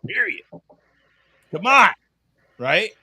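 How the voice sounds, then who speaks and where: Lively bright-voiced man hosting. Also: sits high, slow pace, husky, no echo. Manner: animated, laughs often, swears casually. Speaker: host. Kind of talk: casual live-stream chat. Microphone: video call.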